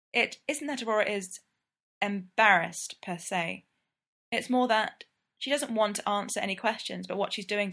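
A woman reading a story aloud in a calm, even voice of middle pitch. Her narration moves steadily between scenes without much drama. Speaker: story reader.

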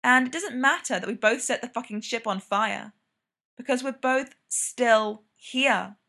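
Woman voicing a curt, foul-mouthed young man, bright and sharp-edged in a spoken storybook. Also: a little high, measured pace, full character voice. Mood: pleading. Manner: curt, swearing, exasperated. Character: blunt, exasperated young man, sweary and impatient.

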